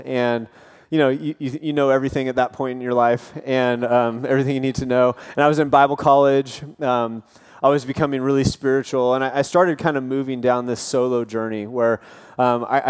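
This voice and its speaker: Smooth-voiced man preaching a sermon. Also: medium pitch. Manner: casual, earnest storytelling with self-deprecating humor. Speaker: campus pastor. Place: church auditorium.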